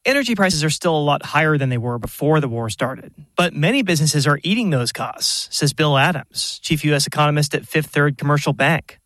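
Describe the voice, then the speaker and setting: A man reporting for radio news, reading a scripted economics story in an even, explanatory way. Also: on the high side, brisk, hardly any pauses, no room sound.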